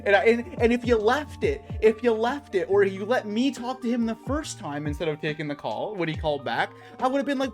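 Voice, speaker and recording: Animated young male streamer, cursing a lot. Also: sits high, fairly quick, hardly any pauses, faint music behind. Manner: swearing, animated storytelling, says bro a lot. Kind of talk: casual stream chat.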